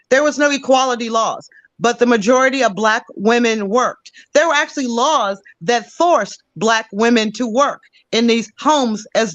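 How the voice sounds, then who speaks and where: A woman in a heated debate, insistent and quick to interrupt with corrections. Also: a little high, a bit bright, dry recording, muffled recording.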